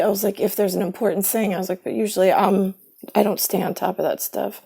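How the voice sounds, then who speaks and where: Woman vlogger, gravelly and mellow, bitter sarcastic rant with swearing. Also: medium pitch, little pitch movement, fast talker. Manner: bitter, profane, sarcastic storytelling. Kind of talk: ranting personal monologue.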